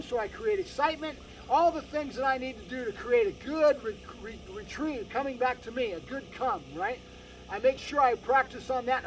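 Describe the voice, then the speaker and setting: A male dog trainer with a strikingly high voice lectures dog owners emphatically, capping his points with "right?" The mic picks him up from some distance, with a faint hiss underneath.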